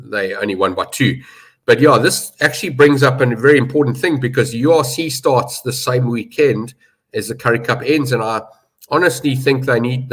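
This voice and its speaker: A middle-aged man from South Africa, a rugby betting pundit talking in a casual discussion, emphatic and fond of telling stories and repeating himself for stress. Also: medium pitch.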